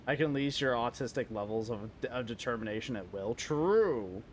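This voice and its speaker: A man's voice: mid-range voice, animated, moderate pace, a little hiss or hum. A young man chatting casually while streaming a game, rambling, self-deprecating and swearing often. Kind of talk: casual live-stream chat while gaming.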